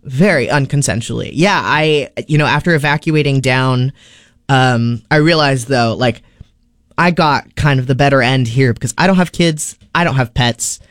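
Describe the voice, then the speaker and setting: A man's voice: mid-range voice, normal speed, a bit bright, no room sound. A man hosting a radio show in a studio, chatting casually with a sarcastic manner. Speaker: radio host.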